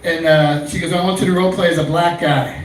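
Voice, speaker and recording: Fairly high-voiced male comic, crude and rambling, heard from far off in a very echoey club room. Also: steady tone, fast. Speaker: stand-up comic. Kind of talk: stand-up comedy set. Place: small comedy club stage. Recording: echoey room, far-off mic, faint noise.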